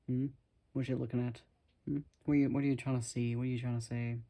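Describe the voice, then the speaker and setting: Gravelly soft-spoken man rambling to camera. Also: mid-range voice, flat delivery, fast talker. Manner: rambling, self-deprecating, musing. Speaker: vlogger. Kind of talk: casual talk to camera.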